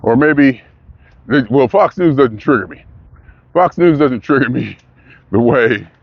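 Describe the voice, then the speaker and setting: A man's voice: medium pitch, animated, takes it slowly, dry recording, lo-fi sound. Man rambling through a loose monologue. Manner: rambling, self-questioning, restarts often; slips into mocking put-on voices. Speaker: vlogger. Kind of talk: casual monologue.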